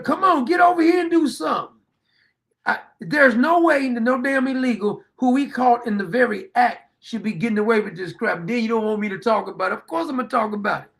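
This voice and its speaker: A man's voice: very high voice, vocal fry, a bit bright. A man hosting his own political commentary show, ranting bluntly and. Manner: blunt, profane, fired-up ranting.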